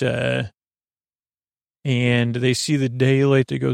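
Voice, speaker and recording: A man hosting a podcast, casually recapping an episode for bedtime, rambling and halting with many fillers. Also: mid-range voice, monotone, vocal fry, clean tone, no room sound, studio quality. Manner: acts out quoted lines in a near-plain voice. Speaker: podcast host.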